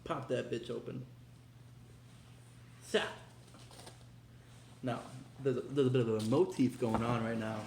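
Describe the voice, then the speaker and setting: A young man hosting a casual unboxing vlog, talking in an excitable, slangy, hyped way. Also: mid-range voice, normal speed, creaky, long pauses, slight background noise. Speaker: vlogger. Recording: echoey room.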